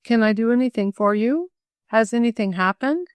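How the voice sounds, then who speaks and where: A woman voicing an eager, protective young man in an audiobook of a classic girls' novel, speaking gently and urgently. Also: fairly high pitch, lively intonation, normal speed, smooth, no echo, lightly acted. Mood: gentle.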